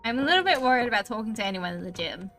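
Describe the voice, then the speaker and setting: A woman streams a game, chatting casually and laughing often. Her voice sits a bit high and moves around a lot, and game music plays clearly behind her. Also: big pitch swings, very fast, pushed and bright. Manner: giggly and chatty.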